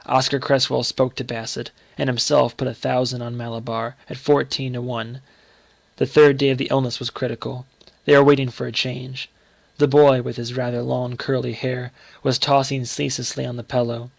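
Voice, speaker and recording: A man reading a short story aloud in a measured, dramatic storytelling manner. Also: medium pitch, creaky, no echo. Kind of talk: scripted narration of a short story.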